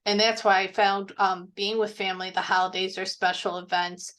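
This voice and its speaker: A woman's voice: mid-range voice, little pitch movement, normal speed, a bit bright. A woman in her forties, a podcast guest, talking candidly about her own experience in a casual chat. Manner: candid, speaks from personal experience.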